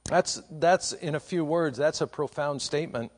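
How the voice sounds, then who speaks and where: A man's voice: fairly high pitch, darkish tone. Man preaching with rising emphasis. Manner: rising to emphatic, slow, stressed repetitions; rhetorical questions to the congregation. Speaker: pastor. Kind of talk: sermon.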